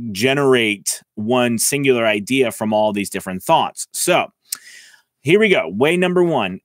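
Man, casual voice-over coach, close mic, dry sound, mid pitch, chatty. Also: no echo. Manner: chatty, lots of "all right" and "okay" fillers. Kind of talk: casual tutorial talk. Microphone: close mic, about six inches away.

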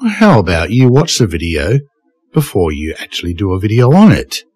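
Low raspy aussie guy, blunt and dry, dead close sound. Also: wildly swooping pitch, normal speed, darkish tone, dry recording. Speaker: YouTuber in a clip. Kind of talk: casual vlog talk.

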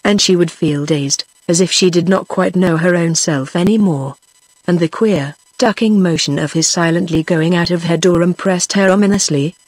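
Slightly breathy British-accented synthetic female narrator. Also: on the low side, no echo. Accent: British English. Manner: even, measured synthetic reading. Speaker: audiobook narrator. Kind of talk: text-to-speech audiobook narration.

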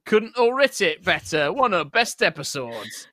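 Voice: mid-range voice, sing-song, moderate pace, background noise. A game master chatting playfully with the group on a livestream. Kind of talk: casual livestream chat.

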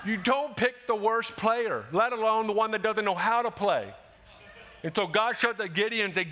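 A male pastor delivering a sermon with a high, bright, ringing voice. He preaches in an animated, conversational way, slipping into short acted-out quotes. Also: measured pace. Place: church sanctuary.

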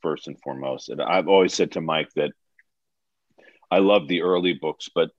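Actor guest, deep and unhurried, rambling, dry lo-fi call sound. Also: male voice, no room sound. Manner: rambling, searching for words. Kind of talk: casual chat. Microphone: video call. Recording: dull lo-fi call audio.

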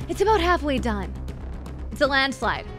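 High-voiced playful, foul-mouthed woman streamer. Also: very animated, normal speed, music in the background. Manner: playful, crude, swears a lot, teases chat. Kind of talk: casual live-stream chat.

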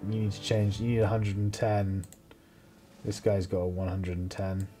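Guy doing let's play commentary, swears a ton, gets loud and jokey, bit of game music under it. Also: fairly low pitch, moderate pace. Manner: excitable, swears a lot, mocks enemies. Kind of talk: gameplay commentary.

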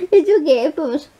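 A woman's voice: high-pitched, mellow, muffled recording. A young woman, chatting casually in a home vlog, cooing at her pet and giggling. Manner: talks sweetly to her pet, giggly, frightened asides. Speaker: vlogger.

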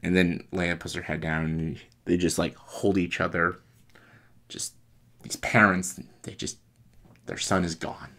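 A man casually retelling a story, animated, laughing and swearing as he goes. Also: sits low, unhurried. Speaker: video creator.

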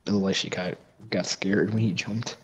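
A man's voice: sits low, steady tone, moderate pace. Laid-back man chatting while gaming. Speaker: streamer. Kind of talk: casual gaming chat.

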